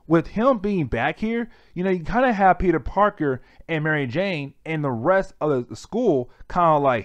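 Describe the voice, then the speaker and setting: A man with a fairly high speaking voice casually recaps a comic's plot for his viewers. He is chatty and keeps calling them "guys". The recording is dry and close, with no room echo. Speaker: comic book reviewer.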